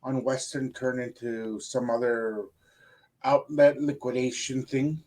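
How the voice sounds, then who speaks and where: A man's voice: medium pitch, takes it slowly. Middle-aged man, podcast co-host, easygoing storyteller, mixes in a little Spanish. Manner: relaxed storyteller, slips into Spanish phrases. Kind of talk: casual storytelling chat.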